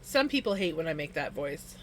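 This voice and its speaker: A woman's voice: deep voice, very animated, fairly quick, a bit bright, slight background noise. A woman streaming from home, chatting casually and laughing often between remarks. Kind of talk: casual chat while streaming.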